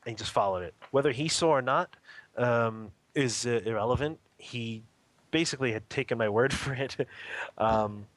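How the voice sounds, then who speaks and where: A man's voice: medium pitch, moderate pace, no room sound. A man, a spiritual teacher, telling a personal story in a radio interview, earnest and vivid, often rephrasing as he describes what he saw.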